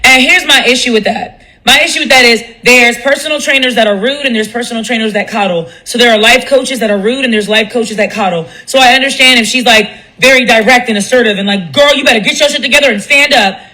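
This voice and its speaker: Woman, blunt and profane live-stream ranter, bright tone. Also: fairly high pitch, quick pace, hardly any pauses, poor audio. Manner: blunt, profane, animated, mimics others in quotes. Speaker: commentator speaking on a live stream. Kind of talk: candid monologue on a live stream.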